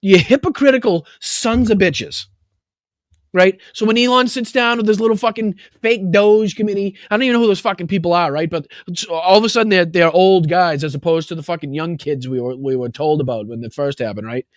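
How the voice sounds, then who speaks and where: A man with a notably high voice delivers an angry, foul-mouthed political rant as a talk show host. His delivery is mocking and heated, and the sound is dry and close with no room tone. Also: a little fast, no echo. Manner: angry, heavy swearing, mocking.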